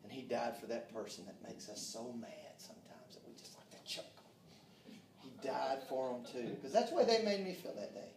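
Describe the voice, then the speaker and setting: A man's voice: mid-range voice, lively intonation, moderate pace, noisy background. A man preaching a sermon in a folksy, fervent way, with frequent amens. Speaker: pastor. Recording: roomy echo, distant from mic.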